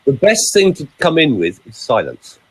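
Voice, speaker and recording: A man, a vocal coach, talking in a podcast chat and demonstrating delivery with lively emphasis. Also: a little high, moderate pace, husky.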